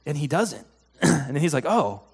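A man preaching a sermon in a conversational storytelling way, getting animated at exciting moments. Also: a little high, normal speed, vocal fry, breathy edge. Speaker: pastor.

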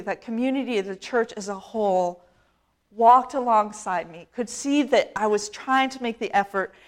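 A middle-aged woman priest tells stories from the pulpit in a chatty, self-deprecating way, often laughing at herself. Her voice sits a little high. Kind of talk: conversational sermon.

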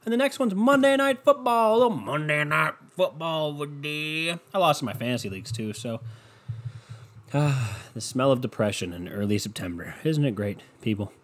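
A man's voice: on the high side, lively intonation, normal speed, a bit bright. A man of twenty-two rambling alone to listeners in a casual, sarcastic and profane monologue, mocking himself. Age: 20s. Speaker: solo podcaster.

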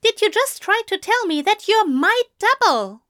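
A woman's voice: very high voice, very animated, unhurried, a bit bright, dry recording, studio quality, voice pushed up, heavily acted. A woman reading a story aloud, voicing a tipsy, fussy male angel who talks in a formal, flustered way. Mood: defensive.

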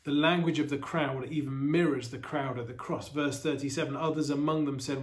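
Earnest male pastor preaching. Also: on the high side. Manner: earnest, steady preaching with reflective pauses. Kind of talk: sermon. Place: online church service.

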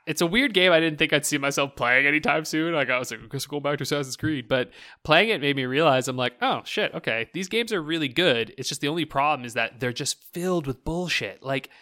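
A man's voice: mid-range voice, pushed and bright. A man rambling about video games in a casual podcast chat, swearing freely, leaning on "like" and laughing often.

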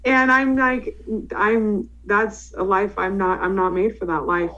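A woman's voice: medium pitch, fairly even intonation, measured pace, sharp tone. Woman, young, casual chat, profane, laughs a lot, slightly muffled recording. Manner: profane, laughing often, rambling.

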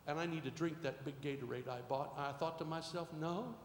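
A middle-aged male pastor preaching a sermon, moving from quiet storytelling to shouted exhortation. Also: on the high side, fairly quick. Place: church sanctuary. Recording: echoey hall with faint noise.

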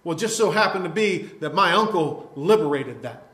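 A man preaches a fiery sermon, scolding his listeners in a fairly high voice. His words ring out through a roomy, echoing church space. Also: lively intonation, fairly quick, a bit bright.

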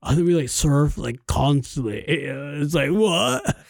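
A man's voice: on the high side, animated, slow, creaky, no room sound, clean studio sound. A man from California co-hosting a podcast, chatting casually in an enthusiastic, playfully boastful way. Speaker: podcast co-host. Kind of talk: casual chat.

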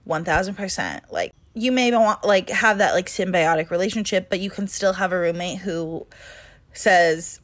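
Here a young woman in her twenties co-hosts a podcast in an expressive, fairly bright, lowish voice at a moderate pace. It's easygoing chatter, heavy on "like" and with swearing sprinkled freely in.

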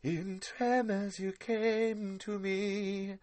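A man voicing a theatrical lady phantom of the opera, drawing out each word slowly and dramatically. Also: high-pitched, flat delivery, darkish tone, voice pushed up. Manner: slow, drawn-out and dramatic.

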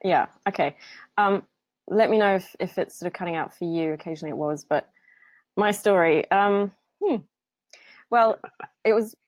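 A woman singer-songwriter chatting as an interview guest through phone headphones, self-deprecating and quick to laugh. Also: lowish voice, darkish tone, no room sound. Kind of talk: casual interview chat.

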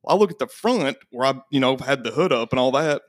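A man, a podcast guest in his thirties, telling a long story in casual chat and acting out the other people's voices with big jumps in pitch. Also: animated, fast, no room sound, clean studio sound.

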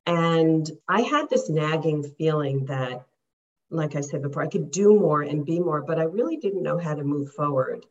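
A woman's voice: deep voice, lively intonation, moderate pace, highs cut off. A woman in her fifties, a life coach and interview guest, speaking earnestly and reflectively. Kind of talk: interview answers.

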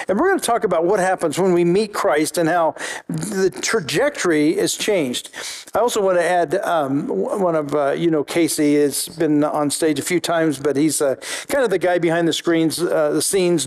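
A man with a high voice delivers a sermon in a relaxed, conversational way. He restarts phrases often and draws out important words slowly. When reading scripture he falls into a steady, list-like rhythm. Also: poor audio. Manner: conversational preaching with frequent restarts and slow emphatic phrases; reads scripture aloud in a steady list-like cadence. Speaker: pastor.

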